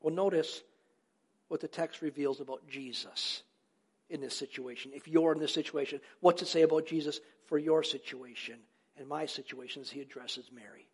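A man's voice: a little high, moderate pace, husky. A man preaching a sermon as a pastor, earnest, asking rhetorical questions and answering them himself, repeating key phrases for emphasis.

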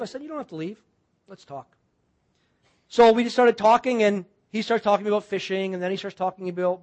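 Male pastor, high voice, middle-aged, sermon storytelling, loud then hushed. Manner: swings from loud excited storytelling to hushed quiet intensity.

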